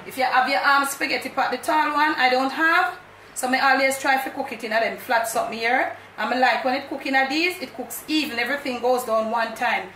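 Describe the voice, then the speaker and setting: Bright, chatty Jamaican woman in an echoey kitchen. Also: fairly high pitch, distant mic, slight background noise. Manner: chatty and direct, mixing in patois. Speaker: cooking channel host. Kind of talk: casual cooking vlog. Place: home kitchen.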